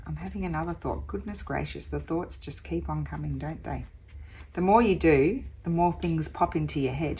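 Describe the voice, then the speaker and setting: A woman with a low voice talks through her crafting as she goes, thinking aloud. She chats casually and drops in little exclamations of delight. A faint noise sits under the recording. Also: darkish tone. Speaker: craft vlogger. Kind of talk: chatty crafting narration.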